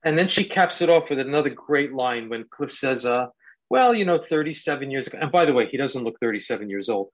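A man's voice: mid-range voice, animated, fairly quick, lo-fi sound. A man guesting on a podcast in casual chat, earnestly retelling scenes he admires.

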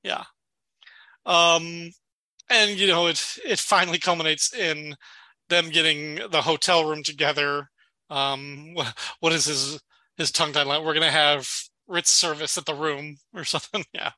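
A man's voice: on the high side, fairly even intonation, a little slow, pushed and bright, dry recording. A man co-hosting a podcast, chatting casually about a sitcom episode, laughing often and retelling scenes with quoted lines. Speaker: podcast co-host.

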